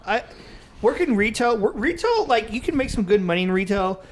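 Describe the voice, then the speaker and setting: High-voiced man chatting on a podcast. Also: very animated, brisk, slight background noise. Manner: laughs often, rambling storyteller. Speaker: podcast co-host. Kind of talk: casual chat. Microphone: studio mic under bright lights.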